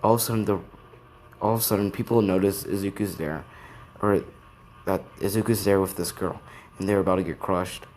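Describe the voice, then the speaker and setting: A man with a low voice tells an improvised fan story. He rambles and restarts his sentences as he goes. A faint noise sits behind him. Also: steady tone, fairly quick, pauses often, darkish tone.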